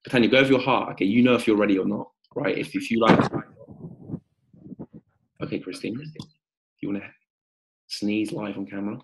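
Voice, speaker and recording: A man with a slightly low voice hosts a live-stream coaching session. He is energetic and upbeat, calling viewers out by name and rallying them to sign up. He is heard through a simple streaming mic. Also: brisk, vocal fry, pauses often, background noise.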